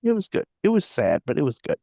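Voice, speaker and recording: A young man co-hosting a podcast chats casually, joking, laughing often, and putting on silly voices when quoting people. His voice is on the high side, gravelly yet warm, with wildly swooping pitch and a fast pace. The recording is dry.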